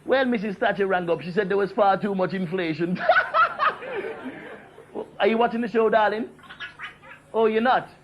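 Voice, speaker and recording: A comedian delivering cheeky, innuendo-laden gag patter to camera. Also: male voice, high-pitched, normal speed, long pauses. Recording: dull old TV broadcast with faint noise.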